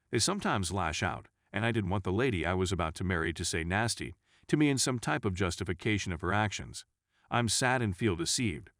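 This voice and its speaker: A man reading a first-person story aloud as scripted narration, at an even, steady pace. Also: fairly low pitch, no echo, clean studio sound.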